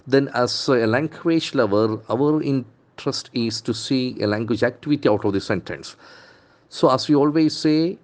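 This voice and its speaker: Indian man drilling English pronunciation. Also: mid-range voice. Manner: repeats words slowly, spells out letters; enthusiastic, calls words beautiful and brilliant. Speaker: English trainer. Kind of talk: newspaper vocabulary lesson.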